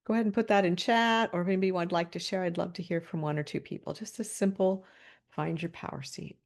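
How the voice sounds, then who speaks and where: A woman webinar presenter leads a guided body-awareness session over a video call. Her low voice has a gravelly, fry-edged texture, and she talks fast yet calm and inviting, laughing lightly between cues.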